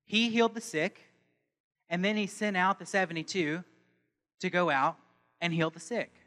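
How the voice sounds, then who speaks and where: A pastor preaches to his congregation in a sermon, his voice high and bright. A long reverb trails each line through the church hall. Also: moderate pace. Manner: builds from calm teaching to loud impassioned preaching.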